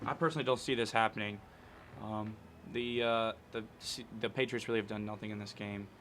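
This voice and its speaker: A young man co-hosting mock sports commentary, making dry, quiet asides. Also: fairly low pitch, steady tone, fairly quick, slight background noise. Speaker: co-host.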